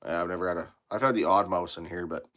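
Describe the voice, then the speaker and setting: Low-voiced mechanic, blunt and profane. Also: male voice, fast talker, a bit bright. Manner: blunt, swears freely, rambling shop talk. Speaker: mechanic livestreaming from his shop. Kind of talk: casual live-stream chat, reading viewer comments. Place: his workshop.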